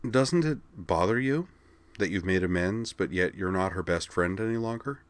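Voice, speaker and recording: A man's voice: deep voice, moderate pace, no echo, natural voice. A man voicing a polite, formal woman counselor who asks probing questions, in a read-aloud story. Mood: prim. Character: prim adult woman school counselor, prying and easily flustered. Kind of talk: audiobook character reading.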